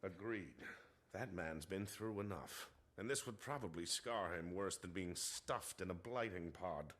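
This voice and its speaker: A man's voice: low voice, measured pace, fairly bright tone. An actor voicing a wry adult male game character in a dry, conspiratorial manner.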